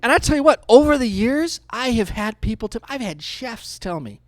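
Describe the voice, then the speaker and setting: A man's voice: very high voice, normal speed, hardly any pauses, dry recording. Storytelling man pastor, dry sound. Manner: conversational storytelling with quoted asides; animated, swinging between hushed and loud. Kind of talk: sermon.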